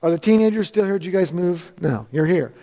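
High-voiced upbeat male pastor. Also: lively intonation, fairly quick, warm tone. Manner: upbeat, chatty, jokes with the congregation. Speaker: transitional pastor. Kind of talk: sermon. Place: church sanctuary. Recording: long church hall reverb.

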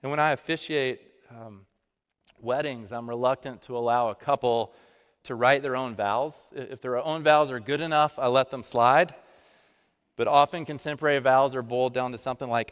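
A pastor giving a conversational sermon, with dramatic pauses. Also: male voice, medium pitch, fairly even intonation, fairly bright tone, smooth. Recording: long hall reverb.

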